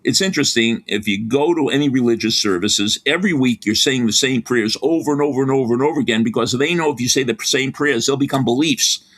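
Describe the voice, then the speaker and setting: An older man, a sports psychology professor, giving advice as a podcast guest in lively storytelling fashion. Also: fast talker, few pauses. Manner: lively, animated storytelling with big pitch swings.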